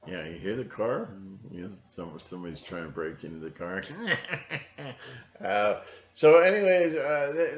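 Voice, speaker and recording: A man with a lowish voice rambles through a vlog monologue, stopping and restarting often in a conspiratorial way. He is recorded at home, and the sound is roomy and somewhat dull, with a lo-fi edge. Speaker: vlogger.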